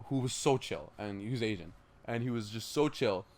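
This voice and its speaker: A man's voice: fairly low pitch, expressive, moderate pace, a little mellow. A young man from Canada co-hosting a podcast, rambling in casual chat with lots of fillers and laughs. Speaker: podcast co-host.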